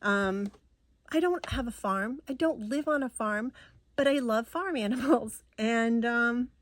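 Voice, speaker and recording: A woman's voice: a little high, measured pace, no room sound. A middle-aged woman from New England chatting casually as she shows off fabric and projects, gushing and rambling with asides. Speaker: stitching vlogger. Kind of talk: casual show-and-tell chat.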